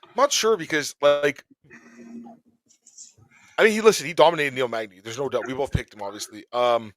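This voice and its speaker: A man hosting a podcast in casual chat, rambling through topics with quick joking asides. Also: medium pitch, a bit bright, no room sound. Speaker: podcast host.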